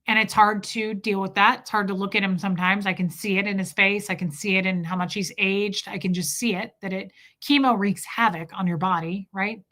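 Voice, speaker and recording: A woman in her thirties telling an emotional personal story about her family, speaking haltingly with restarts. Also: mid-range voice, steady tone, bright, forceful tone. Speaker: vlogger.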